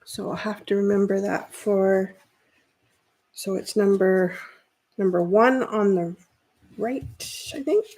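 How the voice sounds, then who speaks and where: Lady chatting on a sewing livestream, unhurried, lots of ums and restarts. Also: mid-range voice, a little mellow, slightly rough. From Canada. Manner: chatty, thinks aloud with frequent fillers and restarts. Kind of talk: casual livestream chat while sewing.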